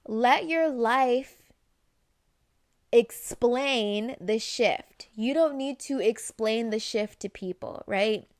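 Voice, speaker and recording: A woman talks through self-help advice in a loose, conversational vlog style, often tossing in "right?" and quickly acting out little exchanges. Her voice sits a little high. The sound is close and dry, with no room echo. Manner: chatty, acts out quick dialogue snippets, frequent "right?". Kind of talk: casual direct-to-camera advice.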